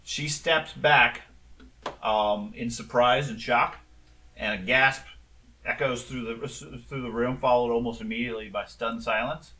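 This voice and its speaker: A man running a tabletop game as game master, narrating scenes in a relaxed way with frequent ums. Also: mid-range voice, a little slow, recorded from a distance.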